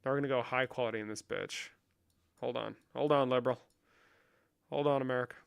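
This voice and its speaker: A man's voice: mid-range voice, fairly even intonation, quick pace, vocal fry, clean tone. A man rambling through a comedic vlog in a profane, mock-serious, running banter. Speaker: comedic creator. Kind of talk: comedic screen-share vlog.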